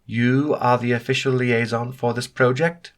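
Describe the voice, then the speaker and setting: A man's voice: medium pitch, steady tone, moderate pace, pitched above the performer's own voice, close to an everyday voice. A man voicing a polite but unbending male government official who speaks formally and insists on procedure.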